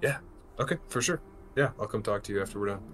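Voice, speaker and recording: A man's voice: on the low side, expressive, quick pace, a bit bright. A man playing in a tabletop game, talking in a laid-back, joking way. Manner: laid-back, laughing, with fillers. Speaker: player. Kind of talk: casual tabletop play.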